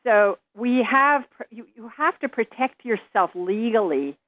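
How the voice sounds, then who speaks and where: A woman's voice: on the high side, expressive, a little slow, fairly bright tone, no echo. A woman speaking firmly and emphatically as a psychic guest in a radio interview. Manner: firm and emphatic. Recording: dry, muffled radio sound.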